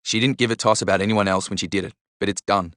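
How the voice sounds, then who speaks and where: A man's voice: fairly low pitch, steady tone, fast, fairly bright tone, no echo, studio quality, close to an everyday voice. A man voicing a blunt, easygoing young man who talks with matter-of-fact reassurance. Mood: steady.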